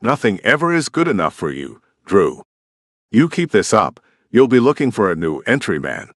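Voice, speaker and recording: A man reads a first-person romance audiobook, telling it like a conversation. His voice sits low but moves through wide, lively swings in pitch. The sound is close and dry, with no room around it. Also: moderate pace, no echo. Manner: expressive, conversational storytelling. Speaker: audiobook narrator.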